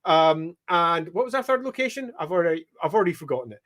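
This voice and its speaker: High-voiced Scottish man thinking aloud. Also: animated, fast, fairly bright tone. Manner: thinking aloud, hesitant with many ums; greets viewers by name. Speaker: livestream host. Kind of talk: casual livestream chat while mapping.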